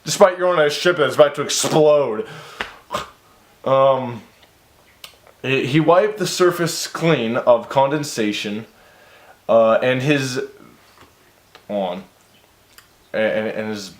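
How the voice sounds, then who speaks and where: A man's voice: medium pitch, expressive, unhurried, long pauses, echoey room. Rambling man reading a story aloud. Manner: stumbles over words, sidetracked, exasperated asides. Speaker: story reviewer.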